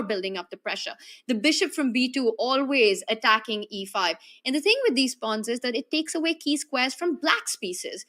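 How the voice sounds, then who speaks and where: A woman's voice: on the high side, fairly bright tone. A young woman commentating live on a chess game, analytical and playful with her co-host.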